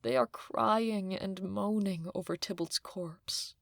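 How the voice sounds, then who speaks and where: A woman's voice: medium pitch, slow, gravelly, dry recording, studio quality. A woman voicing the Nurse, a caring servant, in an audio drama, speaking in a soothing way. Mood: reassuring. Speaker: actor playing the Nurse.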